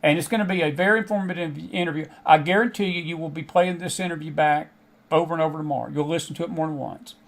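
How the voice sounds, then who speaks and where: A man's voice: a little high, fast, creaky. A middle-aged man with a Southern American accent, hosting a show and talking in a folksy, chatty way to his audience. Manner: folksy, chatty, frequent laughs and asides. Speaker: host. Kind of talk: casual monologue to a live online audience.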